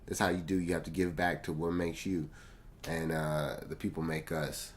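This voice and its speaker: A man's voice: extremely low pitch, little pitch movement, moderate pace, slight background noise. A man casually reviewing an album track by track, talking in slangy, laid-back fashion straight to his viewers. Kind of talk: casual music review commentary. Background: faint music.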